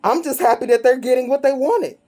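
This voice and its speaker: This tarot reader has a high-pitched, mellow voice and talks a little fast. Her casual reading is crude and blunt, and she keeps cracking up as she makes fun of the people she's reading.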